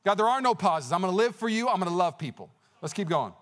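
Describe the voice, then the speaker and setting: Animated man preaching a sermon. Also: high-pitched, fast. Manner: conversational and animated, with many fillers and restarts. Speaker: pastor.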